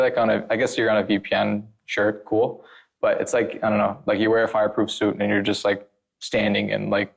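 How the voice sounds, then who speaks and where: Gravelly low-voiced man, rambling guest. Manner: rambling, many filler words; blunt and emphatic. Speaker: guest, former penetration tester. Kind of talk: casual podcast conversation.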